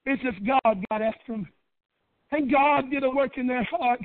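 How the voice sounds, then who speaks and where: A middle-aged man preaching a Baptist sermon in a fervent cadence that builds to shouting. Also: extremely high pitch, moderate pace. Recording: dry, tinny phone-like church recording.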